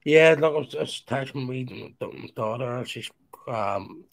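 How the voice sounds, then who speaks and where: A middle-aged man talking haltingly in a casual group chat. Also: mid-range voice, creaky, dry recording, poor audio. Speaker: livestream chat participant.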